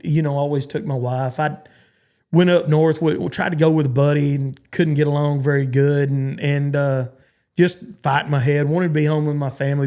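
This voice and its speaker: This gravelly, slightly high male voice has a darkish tone. The speaker is a forty-something cowboy from Texas, appearing as a podcast guest and spinning meandering, stop-start tales full of restarts.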